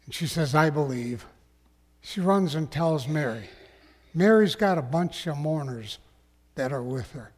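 A man preaching a sermon as a pastor, slow and emphatic, sometimes dropping to a hush. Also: fairly high pitch, animated. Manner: slow, emphatic preaching that drops to hushed tones. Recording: long echoing hall.

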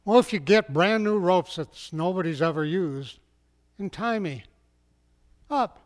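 A man's voice: high-pitched, lively intonation, measured pace. A man voicing a strongman who explains himself plainly, repeating words for stress. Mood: earnest. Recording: long hall reverb.

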